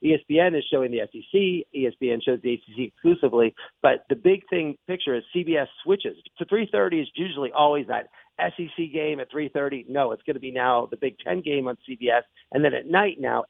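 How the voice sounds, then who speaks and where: A man hosting sports radio talk, excitable and rambling as he makes his points. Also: medium pitch, fast, vocal fry, no echo. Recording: tinny phone-like broadcast audio.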